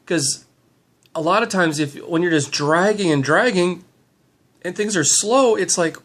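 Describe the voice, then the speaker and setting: Middle-aged male team leader, self-filmed pep talk, slightly high voice, eager and loose with fillers. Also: animated, unhurried, fairly bright tone. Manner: upbeat, rambling, lots of fillers. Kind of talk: handheld motivational vlog. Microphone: handheld camera mic.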